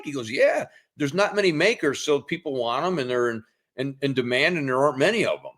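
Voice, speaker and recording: A man talks casually on a podcast in a relaxed, easygoing way. His pitch swings widely, and he leans hard on the things that worry him. He tends to repeat himself when making a point. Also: brisk. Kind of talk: casual chat.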